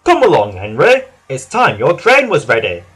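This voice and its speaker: Guy doing a stern railway boss, loud and firm, husky, bouncy pitch, kids storybook. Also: huge pitch swings, faint music behind, full character voice. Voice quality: firm, commanding. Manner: brisk, loud exclamations. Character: stern portly railway boss, bossy but kind.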